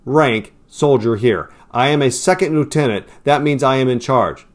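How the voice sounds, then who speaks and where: A man's voice: mid-range voice, moderate pace, natural voice. A man voicing a rattled, inexperienced helicopter pilot, a lieutenant who insists on his rank. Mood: insistent. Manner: flustered, insistent.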